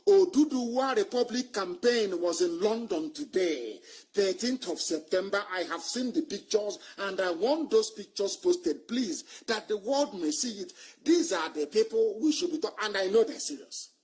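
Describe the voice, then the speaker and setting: A man delivers a passionate live broadcast address, his voice pitched high and noticeably husky. He is scornful and fiery, jumping from loud outbursts to low, muttered asides. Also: lively intonation, moderate pace. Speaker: political movement leader.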